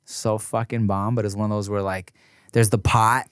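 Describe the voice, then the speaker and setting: A man's voice: lowish voice, little pitch movement, moderate pace, clean tone, no room sound. Male podcast co-host, easygoing and slangy, dry close-mic sound. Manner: laid-back, slangy, swears freely. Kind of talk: casual chat.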